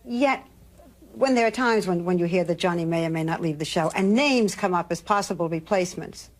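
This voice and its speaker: A woman narrating a TV segment and asking measured, probing questions in an interview. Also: fairly low pitch.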